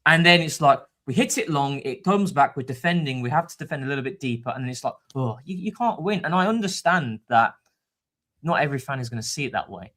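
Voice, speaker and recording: Excitable man on a live stream. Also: mid-range voice, fast. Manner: animated, excitable, laughs often. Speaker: co-host of a football fan show. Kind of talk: casual live-stream chat.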